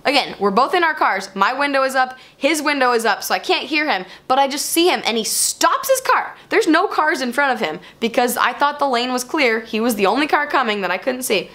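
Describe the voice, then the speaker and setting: A woman vlogger recounts a personal story straight to camera in a chatty, expressive way. Her voice sits high and swings up and down a lot as she talks. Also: brisk, hardly any pauses.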